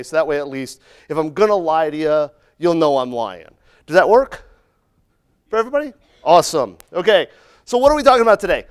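A man's voice: sits high, smooth. A middle-aged man giving a humorous, conversational conference talk in a conference room, often tagging his sentences with "right?". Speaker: conference speaker.

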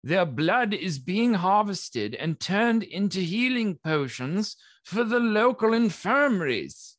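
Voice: medium pitch, big pitch swings, takes it slowly, fairly bright tone, dry recording, studio quality. A game master voicing a self-justifying alchemist who harvests crab blood under a city license, speaking formally and defensively. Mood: pleading. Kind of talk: in-character tabletop role-play.

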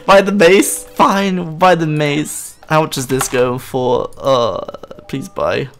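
A man hosting a gaming channel, commentating his play live in an excitable, playful way, often jumping into high-pitched outbursts and laughing at his own misfortune. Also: takes it slowly, creaky. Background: game background music.

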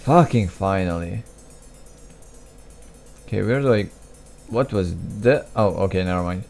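Slow, mellow young man commenting on gameplay. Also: deep voice, gravelly. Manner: mumbly, self-deprecating, frequent restarts and asides. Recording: faint game music behind.

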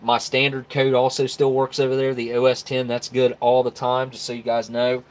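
A man's voice: medium pitch, monotone, normal speed. Chatty man hosting a live stream. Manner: greets chatters by name, chatty and rambling. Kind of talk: casual live-stream chat.

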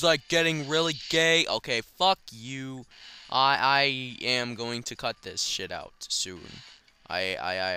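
Young male let's-player, lively swooping pitch, bright edgy tone, profane rants, faint game music underneath. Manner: profane, excitable, shouts in frustration. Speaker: gaming commentator. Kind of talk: casual let's play commentary.

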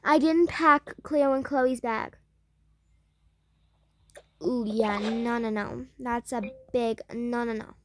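A woman's voice: on the high side, steady tone, slow, long pauses, a bit bright, a little hiss or hum. A young woman giving casual, rambling commentary while playing a game, talking to the game and her viewers. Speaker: gameplay vlogger.

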